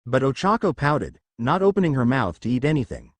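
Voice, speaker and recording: A man's voice: medium pitch, sing-song, a little fast, no echo. A man narrating a fan fiction story in a plain storytelling manner.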